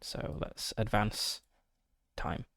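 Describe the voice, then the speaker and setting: A man's voice: extremely slow, fairly bright tone, no echo, studio quality. A man streaming a solo tabletop game, reading out the gamebook text and muttering through his dice rolls with many fillers.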